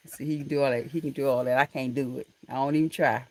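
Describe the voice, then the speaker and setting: A woman hosts a relaxed live stream from a room in her home, talking into her laptop's built-in mic. She chats warmly with her viewers, calling them honey and baby and laughing easily. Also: very deep voice, fast, dry recording. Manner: chatty and affectionate, calls viewers honey and baby, laughs often. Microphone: laptop camera mic.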